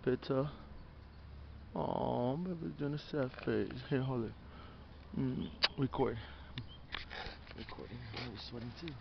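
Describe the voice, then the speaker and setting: A man's voice: medium pitch, a little slow, gravelly, long pauses, lo-fi sound, very noisy. A young man filming a hike outdoors, teasing his partner playfully, laughing often and swearing freely, a little winded from the climb. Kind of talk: casual teasing chat. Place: outdoor hiking trail by a river.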